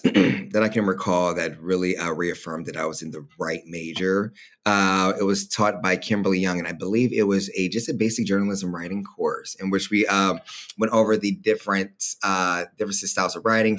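A man in his thirties, a podcast guest, talking in a casual, animated way about his college years, laughing often and acting out other people's voices. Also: fairly low pitch. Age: 30s. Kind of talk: casual storytelling chat.

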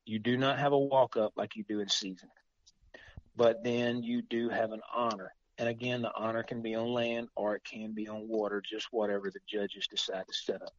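A man's voice: fairly low pitch, level tone, moderate pace, dry recording, lo-fi sound. A man explaining the rules of retriever tests in a casual chat. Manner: explains rules plainly, agrees often.

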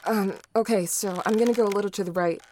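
A woman's voice: mid-range voice, quick pace, darkish tone, slight background noise, lightly acted. A woman playing a gutsy but hesitant young female hunter who hedges with fillers.

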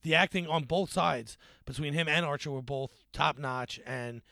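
A man's voice: fairly high pitch, normal speed, gravelly, pushed and bright, no room sound. A man co-hosting a podcast in casual chat, rambling and joking with frequent fillers. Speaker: podcast co-host.

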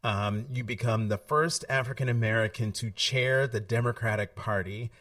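A man's voice: mid-range voice, moderate pace, a bit bright, no room sound. A man hosting an interview who reacts briefly, laughs along, and sums up his guest's career. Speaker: interview host. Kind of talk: conversational interview. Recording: dry sound, distant from the mic.

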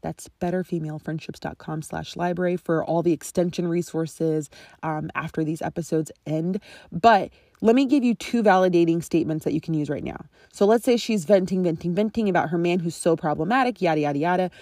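Low-voiced, mellow woman coaching podcast host. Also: fairly quick, dry recording, studio quality. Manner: conversational and instructive, checks in with "okay?" and "right?". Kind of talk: solo podcast teaching monologue.

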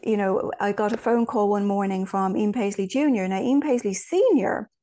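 Woman guest, mid-pitched, chatty storyteller with lots of asides. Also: normal speed, mellow. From Ireland. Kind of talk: casual interview chat.

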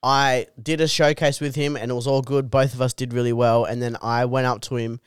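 Crude self-mocking man, smooth voice. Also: medium pitch, little pitch movement, no room sound, clean studio sound. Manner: fast, crude, self-deprecating storytelling. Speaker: stand-up comedian guest. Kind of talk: casual comedy podcast chat.

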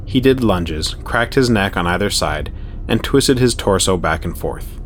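A man narrating a dark horror story in a steady, even storytelling voice. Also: low voice, measured pace, a little hiss or hum. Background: faint music.

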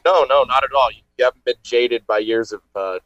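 A man co-hosting a radio show, presenting history facts with halting speech, fillers and deadpan puns. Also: medium pitch, no echo, lo-fi sound. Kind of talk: casual radio banter. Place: radio studio.

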